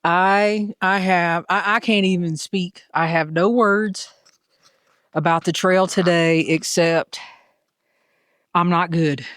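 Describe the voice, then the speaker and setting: A woman's voice: on the low side, steady tone, slow pace, a bit bright, no echo, clean studio sound. A woman with a Southern US accent vlogging casually from a mountain summit, chatty and self-deprecating, filmed on a handheld phone. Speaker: hiker and vlogger. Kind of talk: casual trail vlog.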